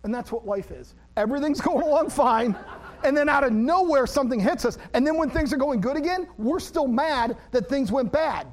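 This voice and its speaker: A man preaching a sermon, an animated storyteller who laughs at himself and then moves into plain teaching about scripture. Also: very high voice, moderate pace. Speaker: pastor.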